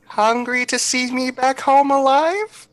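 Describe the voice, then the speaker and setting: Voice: high-pitched, fairly even intonation, slow, pitched above the performer's own voice. A player voicing a scrappy gnome child thief who stammers and plays innocent. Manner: gee-whiz, stammering.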